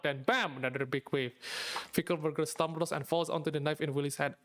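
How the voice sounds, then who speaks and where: A man's voice: fairly high pitch, fairly even intonation, fast, a bit bright. Man reading a script. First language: Indonesian. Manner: reads with stumbles, Indonesian asides. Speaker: streamer. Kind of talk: reading a script aloud live.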